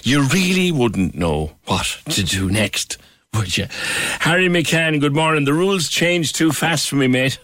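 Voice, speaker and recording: A middle-aged man, chatting on radio as host in a lively, incredulous way. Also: a little high, a little slow, no echo. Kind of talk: radio chat.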